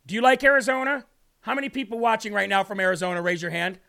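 High-voiced emphatic male commentator. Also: level tone, fast, gravelly, pushed and bright, clear, resonant tone. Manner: emphatic, rhetorical questions, sarcastic asides. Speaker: host. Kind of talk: live political commentary.

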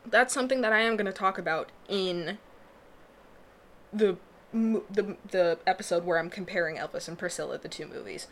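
A young woman hosts a casual solo podcast from a small booth, speaking in a lowish, slightly bright voice at normal speed. She rambles, interrupts herself, and laughs often, with a faint background hiss.

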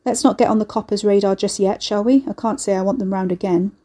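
A woman's voice: medium pitch, steady tone, quick pace, warm tone, lightly acted. A woman voicing a shifty, sarcastic male soothsayer, talking in a blunt, teasing way. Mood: brusque. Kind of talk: audiobook character voice.

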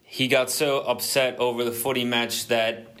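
A man's voice: mid-range voice, little pitch movement, normal speed, fairly bright tone, lightly acted. A man doing a blustery English footy fan. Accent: put-on English. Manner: blustery, mock-dramatic. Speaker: podcast host.

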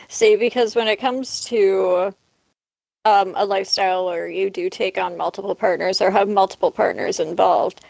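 A woman hosts a podcast and speaks in a frank, direct way as she moves the talk along. Her mid-pitched voice has a touch of vocal fry, and the recording is dry and close. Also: no room sound. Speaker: podcast host. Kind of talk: casual podcast chat.

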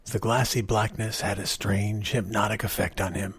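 A man reading a short story aloud in a measured, expressive way, with a husky voice. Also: on the low side.

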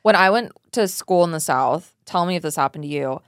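A woman's voice: sits low, lively intonation, fairly quick, dry recording, studio quality. A woman in her twenties with a Californian accent, co-hosting a casual podcast chat, chatty and giggly, rambling through stories. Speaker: podcast co-host. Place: small studio.

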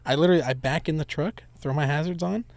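A man, a delivery driver, casually explaining a shortcut to his coworkers in a relaxed, step-by-step way. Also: a little high, fast, creaky, no echo.

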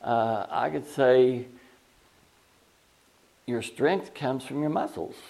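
A man's voice: medium pitch, gravelly, warm tone. Folksy man teaching scripture. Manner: folksy, plain-spoken and halting; reads scripture slowly. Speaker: Bible teacher. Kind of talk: Bible study talk.

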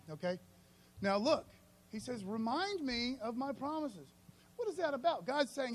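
A man preaching a sermon in a loose, conversational, storytelling way, often calling the listeners "man" and swinging between soft and loud. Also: high voice, expressive, fairly quick.

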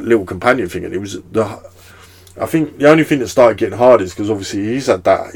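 A young man hosts a relaxed podcast chat, rambling through his thoughts with plenty of fillers and the odd swear word. His voice sits low and has a gravelly, creaky edge. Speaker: podcast host. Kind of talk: casual chat.

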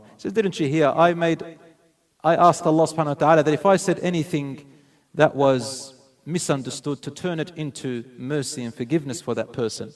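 A man's voice: on the high side, a little fast. A man giving a sermon, earnestly telling stories and mixing in Arabic phrases. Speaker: preacher.

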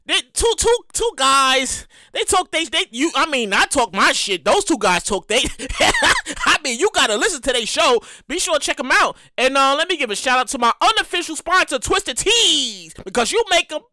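A man in his thirties hosts his podcast in a loose, rambling way, stumbling over repeated words and cursing casually. His voice sits high and bright. It swings freely up and down. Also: big pitch swings, moderate pace, few pauses, no echo. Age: 30s. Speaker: podcast host. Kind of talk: casual solo podcast monologue.

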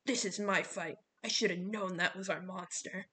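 A woman voicing a gruff, brusque middle-aged male coach who grumbles and barks orders. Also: lowish voice, fairly even intonation, normal speed, bright, forceful tone. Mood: bellowing.

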